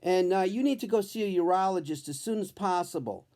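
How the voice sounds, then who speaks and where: A man voicing a brisk, cheerful woman doctor who talks in a breezy, chirpy way. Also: on the low side, lively intonation, dark tone, pitched above the performer's own voice, lightly acted.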